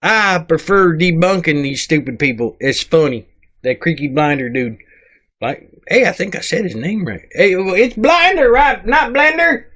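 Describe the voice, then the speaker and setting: Reading comments for laughs, a man plays a cranky, grumpy male dwarf sidekick given to rambling, mockery and rustic grammar. The voice is on the high side, slightly bright and husky, with lively intonation and a moderate pace.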